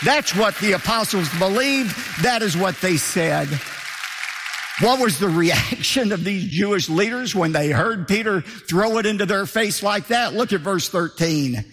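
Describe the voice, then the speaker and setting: A man's voice: high-pitched, lively intonation, unhurried, a bit bright, breathy edge, long reverb tail, a faint crowd. A man preaching a sermon as pastor, emphatic, asking rhetorical questions and hammering points home with repetition.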